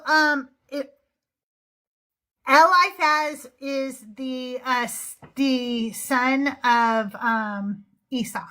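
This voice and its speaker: Bright high-voiced woman livestream host. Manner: chatty, laughs often, trails off into fillers. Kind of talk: casual livestream chat.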